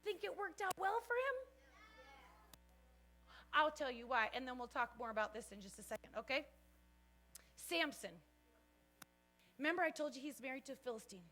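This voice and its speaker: A woman teaching a children's church Bible lesson in an animated way, often asking the kids questions. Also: sits high, moderate pace, long pauses, slight background noise.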